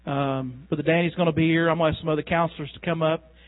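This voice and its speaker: Earnest pastor on a tinny line. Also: male voice, a little high, steady tone, fast. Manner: earnest preaching, rising with emotion when reading the poem. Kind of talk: sermon. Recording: tinny phone-like sound with mains hum.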